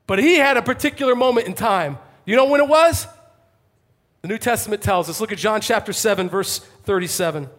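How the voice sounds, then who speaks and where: A male pastor delivering an impassioned sermon to a congregation, swinging from fervent calls to hushed intensity. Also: sits high, quick pace, few pauses. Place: church, before a congregation.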